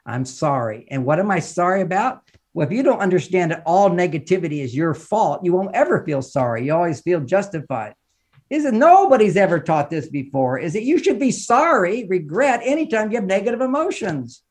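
A man's voice: high voice, very animated, fairly quick, a little mellow. A man, a relationship author and counselor, talking as a podcast guest in an emphatic, teacherly way, often laughing as he speaks. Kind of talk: podcast conversation, advice and explaining.

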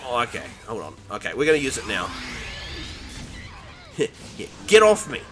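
Excitable young man commentating his gameplay. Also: mid-range voice, moderate pace. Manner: excitable, yelps and laughs while playing, talks to the game. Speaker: gaming channel host. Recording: game music behind.

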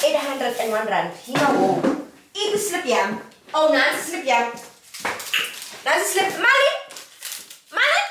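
In this casual haul vlog, a young South African woman talks to her viewers with a playful, sing-song lilt. Her voice is high-pitched and distant, caught in an echoey room slightly off mic, and the recording is very noisy.

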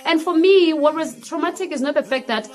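A young woman vlogger tells a personal story, animated and dramatic, mixing in Xhosa phrases. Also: high-pitched, fairly quick. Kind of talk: storytime vlog.

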